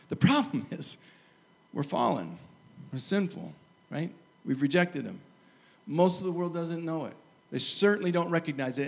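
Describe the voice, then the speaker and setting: A middle-aged man preaching a sermon, telling stories with lively asides and chuckles. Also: fairly high pitch. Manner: lively storytelling, animated asides and laughs. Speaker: pastor.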